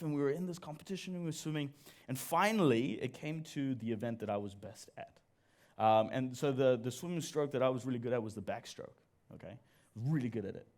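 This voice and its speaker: Man preaching with an animated, joking delivery. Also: on the high side. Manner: animated storyteller, jokes at own expense, addresses audience. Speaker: church speaker. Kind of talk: sermon with personal story. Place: church service.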